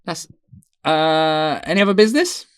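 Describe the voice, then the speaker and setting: A man's voice: fairly high pitch, animated, normal speed, clean tone, no room sound, clean studio sound. A man co-hosting a casual comedy podcast, telling anecdotes with bursts of laughter. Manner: chatty storyteller, bursts of laughter. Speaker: podcast co-host.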